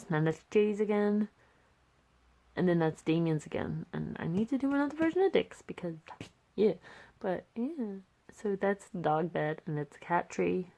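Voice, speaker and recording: A woman's voice: fairly low pitch, a little mellow. A young woman casually talking through her sketchbook, rambling and self-deprecating with many fillers, sleepy and yawning. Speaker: artist vlogger. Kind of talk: casual sketchbook tour chat.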